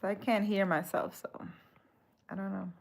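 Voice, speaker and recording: A woman spiritual reader chatting casually on a live stream, soft-spoken and hesitant as she answers comments. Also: medium pitch, little pitch movement, moderate pace, creaky.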